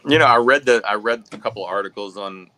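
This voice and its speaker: Low, bright-toned man, measured. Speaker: panelist. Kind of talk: casual commentary chat.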